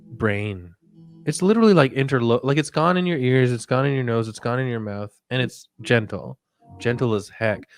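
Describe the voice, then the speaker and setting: A male comedian hosting a live show, rambling through a mock guided relaxation in a soft, drifting voice. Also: mid-range voice. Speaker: comedian and podcast host.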